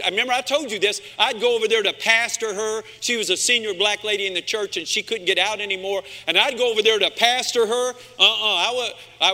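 A man's voice: very high voice, pushed and bright. A male pastor preaching a sermon, emphatic, calling out to his congregation in a church sanctuary. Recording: long reverb in a large room.

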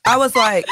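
A woman's voice: high voice, bright, forceful tone. A woman co-hosting a casual podcast chat, telling a story and acting out the quoted dialogue. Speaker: podcast co-host.

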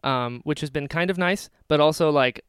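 A man's voice: a little high, normal speed, a bit bright, clear, resonant tone, no room sound, studio quality. A man in his twenties co-hosting a podcast, telling a story emotionally with lots of sighs. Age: 20s. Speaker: podcast co-host. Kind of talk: casual chat.

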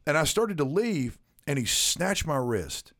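Animated swearing man telling a story. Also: fairly high pitch, a little slow. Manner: animated, swearing, acts out quotes. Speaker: podcast co-host. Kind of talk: casual storytelling chat.

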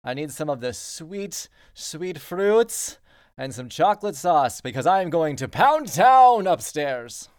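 A booming, grandiose young prince barking orders over an intercom, as a game master puts him on. The voice climbs high and stays loud and demanding. It sounds dry and close. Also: male voice, very animated, slow, no echo. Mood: grandly demanding.

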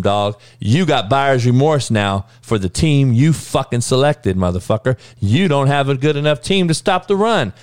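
A man hosting a podcast, ranting angrily about sports with heavy profanity, mocking and swinging between loud outbursts and low mutters. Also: no room sound, studio quality. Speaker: podcast host.

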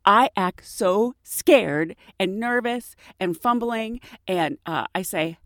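A woman's voice: medium pitch, animated, slow pace, dry recording, clean studio sound. A woman hosting her own show, telling a personal story in a chatty, self-mocking way and laughing often. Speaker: podcast host.

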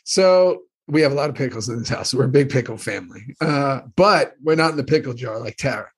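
Husky man asking joking questions. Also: medium pitch, animated, fairly quick. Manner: inquisitive, rambling, joking. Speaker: podcast co-host. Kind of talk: casual chat.

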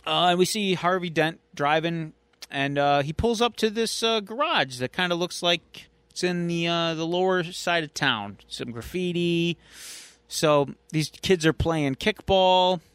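Male podcast host, chatty recap, fairly high voice, smooth and clear, dry close mic. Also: a little slow, fairly bright tone, dry recording. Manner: chatty storyteller, acting out quotes. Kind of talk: casual recap of a comic story.

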